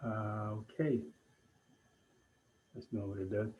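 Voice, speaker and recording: A man's voice: fairly low pitch, lo-fi sound. Man guiding a breathwork lesson. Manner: calm, deliberate instruction with pauses. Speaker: breathwork instructor.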